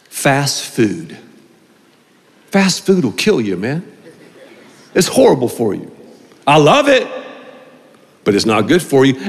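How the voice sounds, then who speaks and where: A middle-aged male pastor preaching a sermon, telling a story with animated delivery and acted-out voices, in a large church auditorium. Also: sits high. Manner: animated, acts out voices in anecdotes. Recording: long reverb of a large hall.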